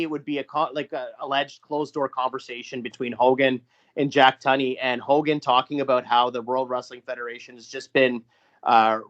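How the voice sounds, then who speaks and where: A man co-hosting a podcast, recounting a booked match in a halting way with frequent restarts. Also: mid-range voice, a bit bright, dull audio. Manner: halting, many restarts and fillers. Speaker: podcast co-host. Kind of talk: casual podcast chat, narrating fantasy wrestling booking.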